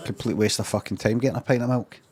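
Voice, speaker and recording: A Scottish man in middle age rants comically and aimlessly during a live stream, cursing nonstop and going back over the same points. He talks fast in a steady tone at an ordinary pitch, while a loud crowd can be heard.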